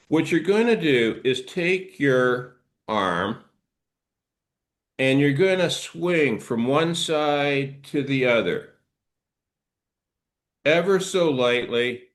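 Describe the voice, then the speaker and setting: A middle-aged man, a trauma therapist, gently guiding listeners through arm-swing exercises and explaining body reactions. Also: mid-range voice, sing-song, drawn-out words, pauses often. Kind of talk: guided movement instruction.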